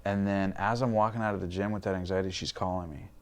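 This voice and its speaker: Guy in his 20s on a podcast, kinda low voice, swears a lot telling his story. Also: fairly even intonation, fast talker, clear, resonant tone. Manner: swears freely, acts out his past thoughts. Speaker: podcast guest. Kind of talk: candid personal storytelling.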